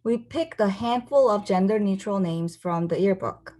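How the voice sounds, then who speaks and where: A woman from South Korea reads from her own graphic memoir, breaking off now and then to explain things in a relaxed way. Korean is her first language, and she lifts her pitch to voice the people in the story. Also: normal speed. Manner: voices the characters with a raised pitch. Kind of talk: book reading with asides.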